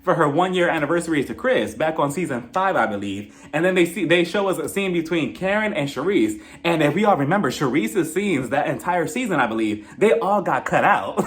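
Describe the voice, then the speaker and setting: A man's voice: on the high side, a little fast. A young man recapping a reality show episode in casual, sarcastic commentary, talking straight to the cast. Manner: sarcastic, animated, talks straight to the people on the show. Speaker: reality TV reviewer.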